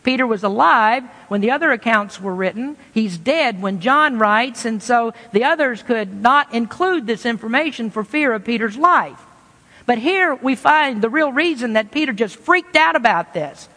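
A man's voice: very high voice, expressive, normal speed, bright, forceful tone. A Kentucky-born man preaches, chatting with his congregation in a folksy, plain-spoken way. His voice rings out with a long reverb from a church hall. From Kentucky, USA. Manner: folksy, conversational preaching with homespun asides. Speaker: pastor. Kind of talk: sermon.

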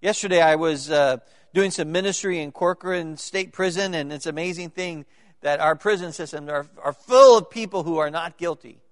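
A high-voiced man preaching to his congregation in a church sanctuary. He swings from loud, slow emphasis down to quiet, quick asides and jokes. A long hall reverb trails behind every word. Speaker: pastor. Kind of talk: sermon.

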